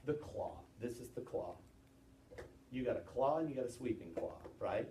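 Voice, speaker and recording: Male teacher, animated classroom lecture, distant mic, roomy. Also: mid-range voice, slight background noise. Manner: lively, quizzing students with quick questions. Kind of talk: classroom lesson on presentation gestures.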